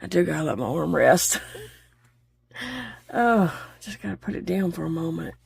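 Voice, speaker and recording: A woman's voice: deep voice, expressive, moderate pace, creaky, slightly rough, no echo. A woman chatting openly while she crochets, laughing easily as she talks. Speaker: crochet vlogger. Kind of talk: casual chat while crocheting.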